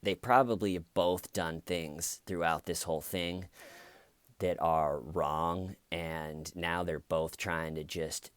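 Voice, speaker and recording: A man's voice: low-pitched, steady tone, smooth, no room sound. A man giving a casual, wry commentary monologue, now and then mocking the people he quotes. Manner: slow, wry, acts out quotes in mocking voices. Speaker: commentary vlogger.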